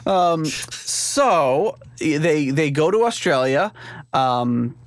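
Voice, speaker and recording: A man in a mid-pitched voice hosts a casual podcast from his home, wandering through his thoughts with fillers and easy laughs. The sound is close and dry, with no room echo at all. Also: big pitch swings, drawn-out words. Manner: rambling, many fillers and restarts, laughs easily. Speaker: podcast host.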